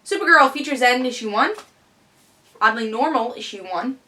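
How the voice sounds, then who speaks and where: A woman giving a casual comic book review on her vlog, excitable and fond of rhetorical questions. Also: a little high, moderate pace.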